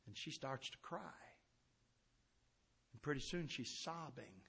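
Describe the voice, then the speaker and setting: Fervent preacher man, bright voice. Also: medium pitch, animated, slow, gravelly, pauses often, husky. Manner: fervent, swings from loud to hushed. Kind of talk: sermon.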